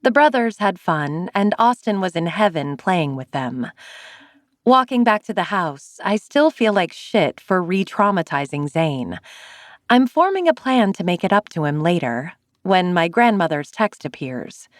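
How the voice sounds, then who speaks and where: A woman narrating a romance audiobook in the first person, in an expressive, conversational way. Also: lowish voice, measured pace, dry recording, clean studio sound.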